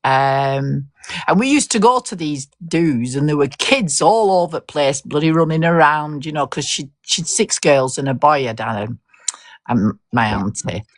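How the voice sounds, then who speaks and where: A woman's voice: sits low, animated, unhurried, dry recording, clean studio sound. An older woman, telling a long story in casual chat, swearing mildly and laughing often. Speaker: host.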